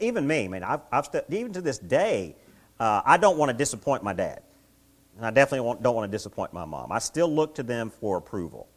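Male preacher, middle-aged, animated pitch, conversational sermon, rhetorical questions. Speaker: pastor. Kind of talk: midweek sermon. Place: church service.

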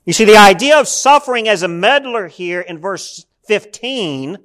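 High-voiced male pastor, storytelling sermon, calls out to the congregation. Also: lively intonation, moderate pace, a bit bright.

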